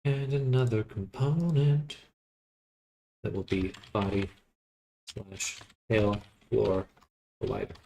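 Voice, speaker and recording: A sleepy man thinking aloud in a quiet, unhurried murmur while he works through a task on a livestream. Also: lowish voice, fairly even intonation, gravelly. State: sleepy, yawning. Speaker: livestreamer building avatars.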